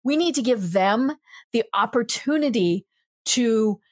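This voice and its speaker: A woman's voice: on the high side, animated, measured pace, no echo, clean studio sound. A woman co-hosting a podcast, chatting and introducing segments in an upbeat way. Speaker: podcast co-host.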